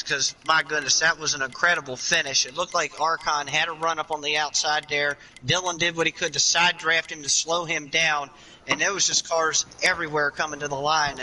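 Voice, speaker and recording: Bright-voiced excited co-commentator man. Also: on the high side, slight background noise, poor audio. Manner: breathless, excited.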